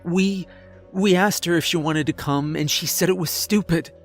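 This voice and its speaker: Frightened teen girl, put on by a male narrator, raised pitch, hesitant and stumbling, horror storybook. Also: fairly even intonation, normal speed, faint music behind, lightly acted. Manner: stumbling over words.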